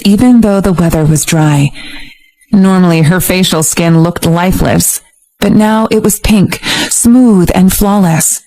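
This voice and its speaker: A woman narrating a romance audiobook in a steady, even storytelling voice. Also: mid-range voice, poor audio. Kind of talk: scripted narration.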